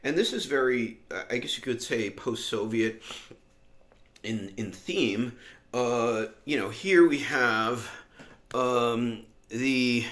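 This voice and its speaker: A man's voice: medium pitch, takes it slowly, fairly bright tone, echoey room. A man vlogging in a rambling, sardonic monologue full of fillers and asides. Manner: sardonic, filler-heavy, meandering.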